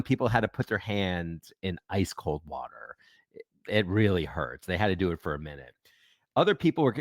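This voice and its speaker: A man being interviewed as an expert guest on a podcast, explaining in a measured way with frequent ums. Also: lowish voice, no room sound, clean studio sound.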